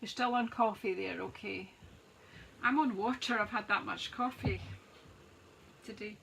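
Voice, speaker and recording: A woman's voice: medium pitch, measured pace, creaky, a bit bright, slight background noise, low-quality recording. A woman hosting a live craft stream, chatting to viewers as she rattles off sale prices like an auctioneer. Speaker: craft demonstrator, host. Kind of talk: live-stream product walkthrough.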